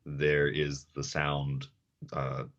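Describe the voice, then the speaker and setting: A man's voice: extremely low pitch, monotone, very slow, fairly bright tone, lo-fi sound. A man, a podcast guest, chatting casually from his kitchen and rambling with lots of fillers and laughs. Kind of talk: casual chat. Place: home, talking from the kitchen. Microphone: table mic on a video call.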